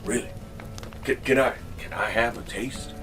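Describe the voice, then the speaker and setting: A man's voice: mid-range voice, moderate pace, a bit bright, distant mic, natural voice. A wary, tight-fisted farmer hands things over grudgingly, as a man telling a story puts him on. He hesitates and stumbles over his words. The voice comes from a little way off the mic over faint background music. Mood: hesitant. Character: wary stingy old male farmer.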